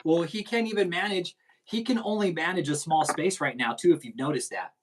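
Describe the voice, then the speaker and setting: A man hosts a live stream in casual commentary. He is profane and combative and rambles freely. His voice sits a little high. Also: fairly quick, slight background noise, low-quality recording. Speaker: stream host.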